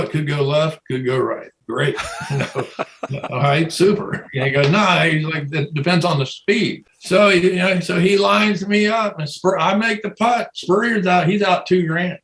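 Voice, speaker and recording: A man's voice: on the high side, roomy sound, noisy background. A man telling a long rambling story in casual chat, laughing often and restarting his sentences. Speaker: guest telling stories.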